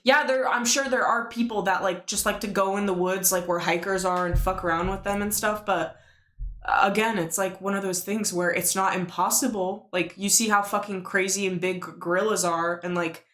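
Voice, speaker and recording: A woman's voice: mid-range voice, fairly even intonation, normal speed, fairly bright tone. A woman from Washington State talks casually on a comedy podcast. She hedges and fills her sentences with "like", and her voice rings in an echoey room. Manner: casual, hedging, heavy use of "like". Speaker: podcast co-host.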